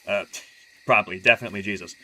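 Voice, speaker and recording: A man's voice: fairly low pitch, quick pace, sharp tone, poor audio. A man streaming live who reads aloud and then chats casually, stumbling and restarting his sentences often and making wry asides. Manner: chatty and wry when talking freely.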